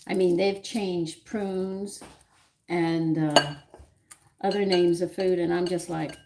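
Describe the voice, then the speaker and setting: A woman's voice: on the low side, steady tone, takes it slowly, darkish tone. A woman hosting a home cooking livestream, chatting with viewers, her pet and herself as she works in her kitchen. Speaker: cooking show host. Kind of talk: casual cooking livestream chat. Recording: noisy kitchen with clattering dishes.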